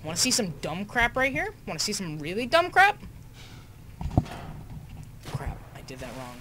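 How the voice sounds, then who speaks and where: Excitable young gamer with lively pitch. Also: male voice, normal speed, a little hiss or hum. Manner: excitable, laughing, muttering asides. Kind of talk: casual let's-play commentary.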